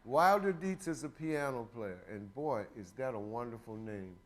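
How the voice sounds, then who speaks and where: A man's voice: mid-range voice, moderate pace. A man in his sixties hosting a casual show, rambling and joking with frequent laughs. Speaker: host. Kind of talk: casual chat.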